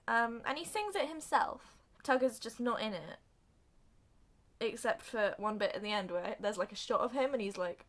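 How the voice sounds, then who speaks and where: A young woman recapping a film plot for comedy, acting out the characters' lines in an animated way. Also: on the high side, normal speed. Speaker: video reviewer.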